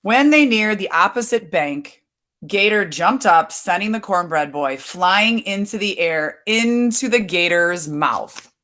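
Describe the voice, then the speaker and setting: A woman reading a picture book aloud as a storyteller, pausing to add explanatory asides for listeners. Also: mid-range voice, lively intonation, bright, forceful tone.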